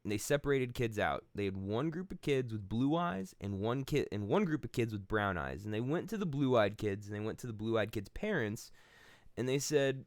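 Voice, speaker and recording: A man's voice: medium pitch, animated, moderate pace, no room sound. A man hosting his channel, giving a casual philosophical monologue in blunt, profane storytelling that acts out the people he quotes. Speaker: channel host.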